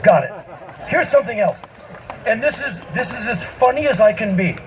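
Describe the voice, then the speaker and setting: A man in his fifties telling a comic story on an outdoor festival stage into a stage microphone, emphatic and breaking into shouts. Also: sits high, very animated, moderate pace, slight background noise, rough recording. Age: 50s. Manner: emphatic, bursts into shouting, mimics people. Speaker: spoken-word performer. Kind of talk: stand-up storytelling.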